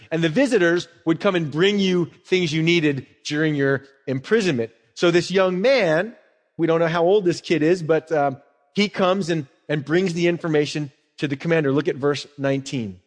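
A man preaching a sermon as a pastor, telling stories in a lively way and acting out the people in them. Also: sits high. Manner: animated storyteller who acts out quotes. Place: church sanctuary. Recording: long reverb of a church hall.

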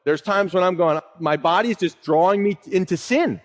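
High-voiced man preaching in a reverberant hall. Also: moderate pace. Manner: conversational teaching, quotes scripture, rhetorical questions. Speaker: pastor. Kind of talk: sermon.

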